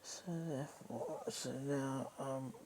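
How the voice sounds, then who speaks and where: A woman's voice: very deep voice, animated, slow, gravelly, mellow, a little hiss or hum, low-quality recording. An Australian woman telling a personal story in a casual monologue, rambling, swearing freely and emotionally raw.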